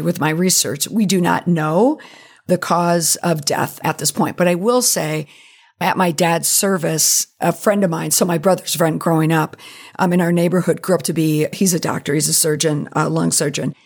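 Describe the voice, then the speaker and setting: A middle-aged woman hosting a podcast, telling stories in a chatty, digressive way, her voice slightly creaky. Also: fairly low pitch, fairly even intonation, moderate pace, darkish tone. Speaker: podcast host and PR professional. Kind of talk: casual monologue.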